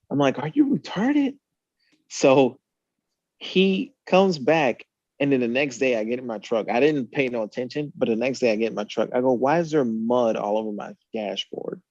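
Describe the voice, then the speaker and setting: A man tells a long, animated story in casual chat, laughing and swearing as he goes. His voice sits in a middle range. The sound is dry and a little muffled. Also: medium pitch, no room sound. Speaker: guest on a truck talk show.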